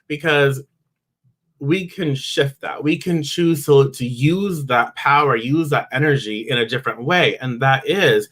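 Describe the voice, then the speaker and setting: A man's voice: mid-range voice, fairly bright tone. Chatty man hosting a live card reading. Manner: chatty, greets viewers by name mid-thought; acts out grumbling inner voices. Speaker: oracle card reader hosting a live stream. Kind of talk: casual live-stream spiritual talk.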